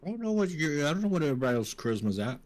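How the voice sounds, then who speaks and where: A man's voice: on the high side, big pitch swings, very fast. Man, tabletop player, playful, sarcastic banter. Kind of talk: casual tabletop play.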